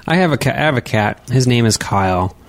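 A man's voice: medium pitch, expressive, quick pace. A man with an ordinary mid-range voice talking casually on a podcast. He hedges and restarts, breaking into short laughs as he works through his thoughts. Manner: hesitant, laughs between thoughts. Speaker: podcast co-host.

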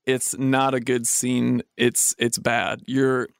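A man's voice: medium pitch, little pitch movement, slow, vocal fry, smooth, dry recording, clean studio sound. A man moderating a comedy podcast debate, playful and giggly, drawing out his teasing remarks. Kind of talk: casual comedy podcast chat.

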